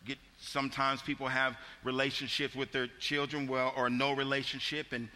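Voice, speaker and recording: A man's voice: mid-range voice, level tone, moderate pace, pushed and bright, in a large hall. A man preaching a sermon, telling a folksy story with frequent restarts and repeated words.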